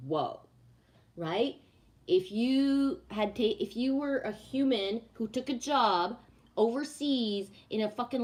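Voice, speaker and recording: A woman hosting a casual spiritual livestream, reading viewer comments and venting bluntly, with lots of swearing and repeated "right?" tags. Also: mid-range voice. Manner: emphatic and profane, rhetorical "right?".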